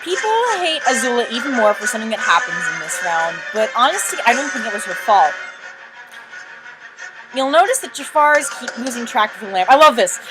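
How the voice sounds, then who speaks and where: A woman giving chatty, excitable commentary over a video, jumping in with quick asides. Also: on the high side, music in the background, poor audio.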